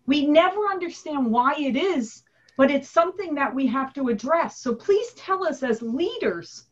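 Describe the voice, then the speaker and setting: A woman's voice: high-pitched, lively intonation, moderate pace. A woman hosting an interview podcast, enthusiastic and conversational. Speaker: podcast host. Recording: dull lo-fi recording.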